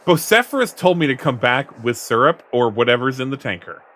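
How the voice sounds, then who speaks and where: A man's voice: medium pitch, animated, fairly quick, fairly bright tone. A man chatting animatedly as a player in a tabletop game, joking and laughing. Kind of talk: casual chat during a tabletop game.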